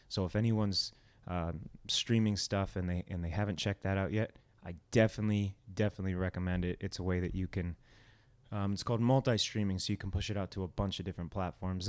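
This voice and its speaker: Low-voiced man chatting on a livestream. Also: a little mellow, clean tone. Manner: rambling and friendly, greeting viewers by name. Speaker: musician hosting his own livestream. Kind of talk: casual livestream chat with viewers. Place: home.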